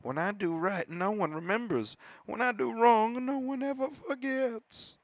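Man putting on a solemn accented voice, high pitch, slow delivery, grave tone. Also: dry recording. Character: man reciting a grave saying in a put-on accent.

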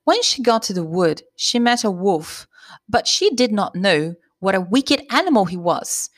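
Woman reading a fairy tale aloud, animated delivery. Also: mid-range voice, measured pace. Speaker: storyteller.

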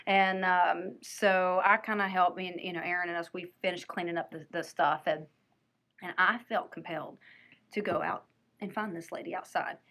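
A woman telling a personal story in an animated, earnest way, often restarting her sentences. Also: on the low side, moderate pace.

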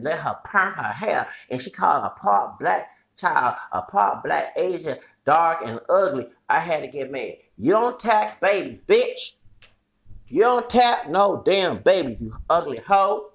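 A man's voice: on the high side, creaky, a bit bright. A man hosting a solo podcast, delivering a heated, profane, rambling rant with bursts of laughter. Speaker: podcast host.

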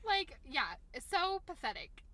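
A young woman recapping a show in casual chat, animated and swearing, laughing as she acts out scenes. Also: sits high, a little slow, a little hiss or hum.

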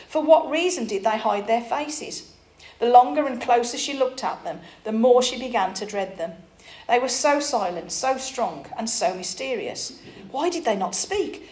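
Woman preacher reading a story aloud, kinda high voice, echoey room. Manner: expressive, with small slips and restarts. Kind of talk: reading an allegory aloud in a sermon. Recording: roomy echo.

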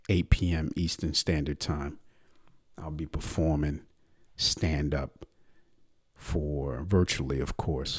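Podcast host and comedian, man, very low husky voice, loose, profane solo rant with muttered asides. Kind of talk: casual solo sports rant.

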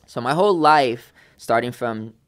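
Young guy telling his story on a podcast, gets animated, does little voices for people. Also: medium pitch, unhurried. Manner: animated, acts out quoted voices. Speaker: guest. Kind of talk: casual storytelling.

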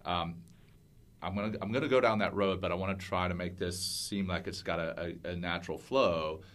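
A male podcast host with a very deep voice. He leads the interview with long, meandering questions, loaded with "um" and restarts. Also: steady tone, brisk, fairly bright tone. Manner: rambling, filler-heavy questions.

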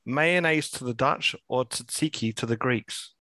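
Podcast host, man, playful quizzer, mid-pitched, dry studio voice. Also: unhurried, sharp tone, no room sound, low-quality recording. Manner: playful, teasing quiz questions. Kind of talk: casual podcast chat.

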